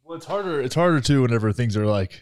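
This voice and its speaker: Fast-talking man, rambling podcast chat. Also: medium pitch, lively intonation, darkish tone, no echo, studio quality. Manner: rambling storyteller, laughs often, lots of "like". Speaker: podcast co-host. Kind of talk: casual chat.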